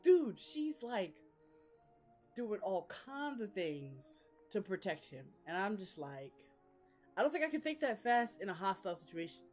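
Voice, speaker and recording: A woman's voice: mid-range voice, sing-song, unhurried, a little mellow, faint music behind. A young woman casually recapping book chapters, chatty and slangy, laughing often. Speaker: book vlogger.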